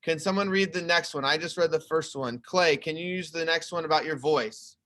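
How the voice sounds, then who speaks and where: A young man teaching his class over a video call, talking them through each point in a relaxed, explaining way. His voice is bright and a little high. It is recorded on a webcam mic at home. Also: moderate pace. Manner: explaining, conversational, talks through slides. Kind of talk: online class lesson. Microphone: computer webcam mic.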